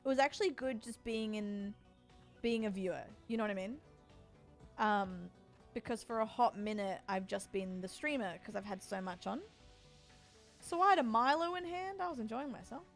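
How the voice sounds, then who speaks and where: A woman in her forties with an Australian accent and a fairly high voice chats casually with her stream viewers. She teases and jokes as she reads and answers chat. Soft music plays faintly behind her. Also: moderate pace. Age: 40s. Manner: playful, teasing banter, answering chat.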